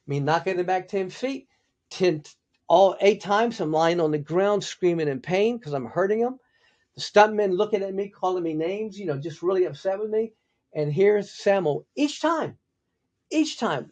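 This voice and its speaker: Older male podcast host, husky storyteller who acts out the quotes. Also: muffled recording. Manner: animated, acts out quotes with big pitch jumps. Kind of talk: storytelling monologue.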